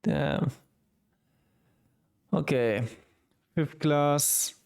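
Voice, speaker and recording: A man streaming a visual novel, reading the game's dialogue aloud with quick asides of his own. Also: on the high side, creaky, a little mellow, smooth.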